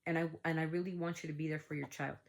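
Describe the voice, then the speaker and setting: A woman's voice: low voice, steady tone, quick pace, gravelly. A middle-aged woman hosting a casual vlog, speaking earnestly and emphatically to parents, often repeating herself. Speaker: channel host, parent. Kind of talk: casual vlog talk to camera.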